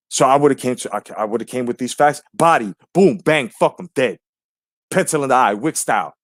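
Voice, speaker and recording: A man's voice: mid-range voice, dry recording, clean studio sound. A man hosting a live stream, ranting brashly and profanely while greeting viewers in the chat.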